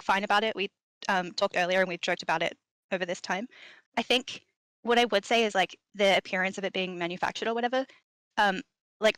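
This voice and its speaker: A woman's voice: medium pitch, fairly bright tone, no echo. A woman guest on a stream, explaining herself hesitantly and with many fillers. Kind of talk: casual discussion.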